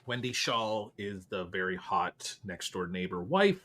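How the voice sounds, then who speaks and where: Male podcast host, bright timbre, chatty, keeps score with easy banter. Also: deep voice, animated, a little slow. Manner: upbeat, running scores and banter. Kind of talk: casual game-show chat.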